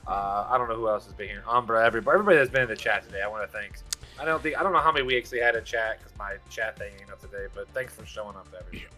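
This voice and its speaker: A man co-hosting a gaming podcast, chatting casually in fast, offhand banter. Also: fairly low pitch, bright, forceful tone, faint music behind. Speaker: podcast co-host. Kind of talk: casual chat.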